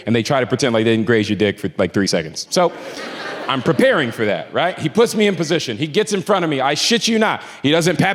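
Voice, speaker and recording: A man's voice: a little high, lively intonation, fairly quick. A man doing a stand-up comedy set in a club, telling a story with acted-out quotes and growing exasperation. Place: comedy club stage before a live audience. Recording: roomy hall with a laughing crowd. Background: crowd laughter.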